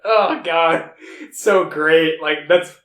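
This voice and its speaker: A man's voice: on the high side, steady tone, slow, fairly bright tone. A man co-hosting a casual movie review podcast, laid-back, swearing casually and trailing off. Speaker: podcast co-host. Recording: echoey room.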